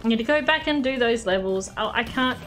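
Aussie woman streamer, high voice that jumps all over, game music faint behind. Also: expressive, fairly quick, a bit bright. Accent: Australian. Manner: exclaiming, laughing, swearing at mistakes. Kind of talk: live gameplay commentary.

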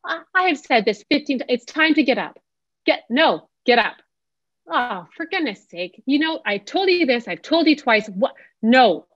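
A woman's voice: high-pitched, big pitch swings, normal speed, highs cut off, voice pushed up. A woman voicing an impatient parent who nags and snaps repeated orders at her kids. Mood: exasperated. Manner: sharp, nagging, repeats orders.

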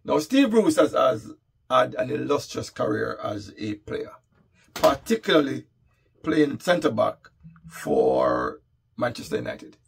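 A man hosting a casual football commentary monologue, wry and animated. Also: mid-range voice, a little slow, creaky, slightly rough. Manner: wry, animated, reads out lists.

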